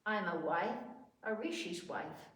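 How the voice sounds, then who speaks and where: A woman's voice: lowish voice, measured pace, close to an everyday voice. A woman reading aloud as a chaste young princess married to a sage, speaking earnestly, heard from far off in an echoey room. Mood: indignant. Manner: earnest, pleading. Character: chaste young princess, a sage's devoted wife.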